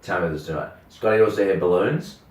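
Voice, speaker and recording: A young man rambles through a story, peppering it with "like" and quick impressions of the people in it. His voice sits on the low side. It sounds roomy and a little far from the mic. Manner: rambling, animated, full of "like" and quoted voices. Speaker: radio host telling a story. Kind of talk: casual storytelling chat.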